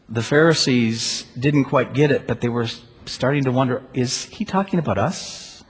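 A man preaching a sermon as pastor, asking rhetorical questions and moving between loud emphasis and quiet, hushed stretches. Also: mid-range voice, moderate pace, few pauses, husky. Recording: long church reverb.

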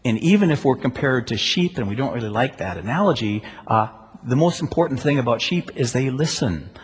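A man preaching a sermon as pastor, asking rhetorical questions and moving between loud emphasis and quiet, hushed stretches. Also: medium pitch, lively intonation, fairly quick, breathy edge. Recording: long church reverb.

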